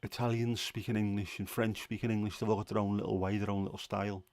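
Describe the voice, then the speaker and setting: A man with a lilt hosts a relaxed livestream chat in a fairly low voice, rambling a little and sharing his opinions openly. He often pauses with an "um," and the sound is close and dry, without room echo.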